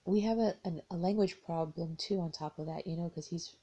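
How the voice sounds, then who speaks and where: A woman's voice: lowish voice, brisk, mellow. A young American woman telling a personal story to her tarot audience in a rambling, hesitant way with many restarts. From United States. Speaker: tarot vlogger.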